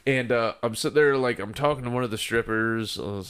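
A man's voice: fairly low pitch, fairly even intonation, a little fast, smooth. A man telling a long story in casual podcast chat, rambling with lots of fillers, swearing and laughing as he goes.

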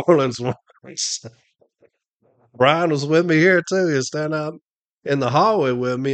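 Brash man telling stories. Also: mid-range voice. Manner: brash, profane, laughs at his own stories. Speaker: union advocate and podcast guest. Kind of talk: casual storytelling.

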